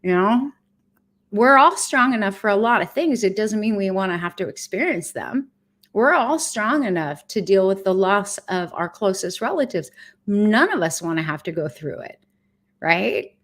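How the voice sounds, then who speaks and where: A woman's voice: medium pitch, animated, normal speed, a bit bright. A woman in her fifties talking candidly to her viewers on a livestream, earnest, blunt and heartfelt. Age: 50s. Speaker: vlogger sharing her cancer treatment.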